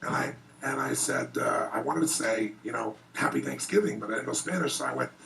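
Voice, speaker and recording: A motivational speaker with a gravelly, mid-range voice tells an emotional personal story to an audience at a private event, talking fairly quickly with earnest animation and growing excitement as he retells moments. He sits far from the mic, and the low-quality recording carries a little hiss or hum.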